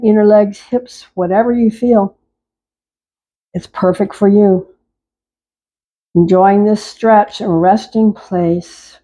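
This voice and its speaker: A woman leading a chair yoga class, giving calm, repetitive cues to move slowly and breathe. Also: medium pitch. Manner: slow, calm, repetitive cueing. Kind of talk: guided exercise class instruction.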